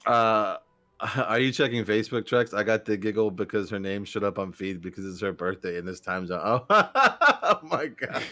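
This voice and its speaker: A man's voice: lowish voice, flat delivery, brisk, fairly bright tone. A man co-hosting a gaming podcast, telling a rambling story in casual chat, swearing and acting out quotes. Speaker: podcast co-host.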